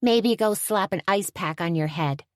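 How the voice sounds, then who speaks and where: A brash, sharp-tongued waitress, put on by a woman, pitched far above her own voice and loud. She sounds sassy and quick to scold. The audiobook recording is dry and close. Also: no echo, natural voice.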